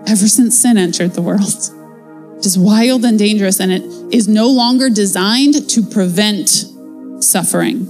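A woman's voice: mid-range voice, normal speed, darkish tone, faint music behind. A woman giving a casual, conversational devotional Bible teaching in a chatty, playful way.

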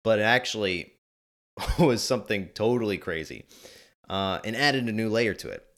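A man in his twenties giving chatty movie commentary, animated and quick to laugh. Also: on the low side. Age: 20s. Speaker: video host.

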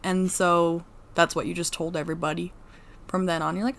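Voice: medium pitch, brisk, pushed and bright. A podcast co-host in casual chat, teasing and playful, saying "like" often.

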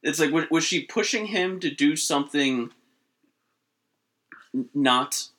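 A man's voice: a little high, animated, a little slow, a bit bright. A man in casual chat who often restarts his sentences with stammers.

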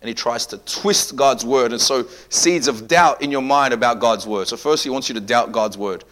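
A man preaching a sermon, asking repeated rhetorical questions and swinging from quiet, low passages to loud, emphatic peaks. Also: normal speed. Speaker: pastor.

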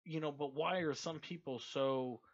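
A man's voice: a little high, moderate pace. A man co-hosting a podcast, chatting casually with profane, joking banter. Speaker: podcast co-host. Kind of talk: casual chat. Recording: dull lo-fi podcast recording.

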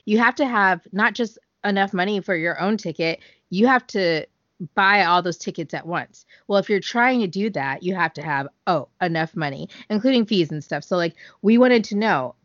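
A woman co-hosting a podcast in casual chat, talking fast and loose with lots of fillers and frequent laughs. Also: mid-range voice, animated, no echo. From United States. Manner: chatty, laughs often, many fillers. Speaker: podcast co-host. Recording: dull, dry podcast audio.

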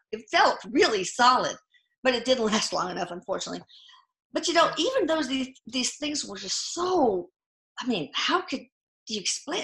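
A middle-aged woman with a bright, forceful voice tells her stories in a casual interview. She stops and restarts often and leans on fillers. The sound is roomy and echoey. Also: on the high side. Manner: halting, full of fillers and restarts. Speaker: guest. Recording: echoey room.

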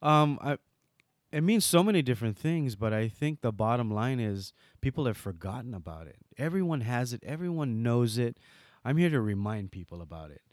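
In a clean, dry studio recording, a middle-aged Hawaiian man speaks at normal speed in a mid-range voice. As an interview guest, he shares casual stories with animated energy, acting out the dialogue he quotes.

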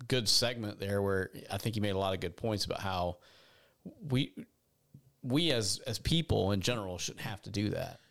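Low, gravelly man talking slowly. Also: fairly bright tone. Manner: measured, hesitant, restarts phrases. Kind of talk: casual commentary chat.

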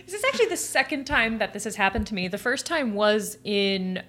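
Bright-voiced woman guest on a podcast. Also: medium pitch, very animated, fairly quick. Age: 30s. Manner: bright, laughing, conversational. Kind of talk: casual podcast conversation.

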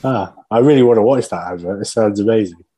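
A man's voice: on the low side, mellow, slightly rough. A man co-hosting a podcast, rambling and joking as he guesses. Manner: rambling, jokey, quick to laugh. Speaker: podcast co-host. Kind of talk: casual comedic chat.

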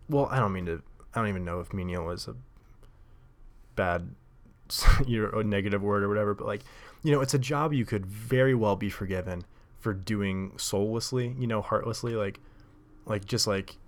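A man hosting a show, telling a story in a rambling, casual monologue full of fillers and self-corrections. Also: fairly low pitch. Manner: rambling, lots of likes and self-corrections, laughs often. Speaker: podcast host.

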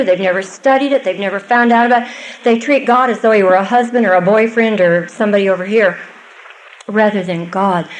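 A woman's voice: medium pitch, a little hiss or hum, rough recording. An older woman giving a Bible teaching to a live audience, earnest and conversational with small asides.

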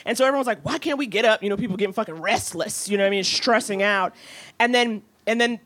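A woman co-hosting a podcast, telling a comic story in a lively, profane way. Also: medium pitch, quick pace. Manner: profane, lively, slips into voices for the people in her stories. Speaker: podcast co-host.

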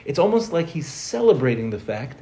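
Lively man teaching a Torah class. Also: mid-range voice, a little hiss or hum. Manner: quick, joking, asks rhetorical questions.

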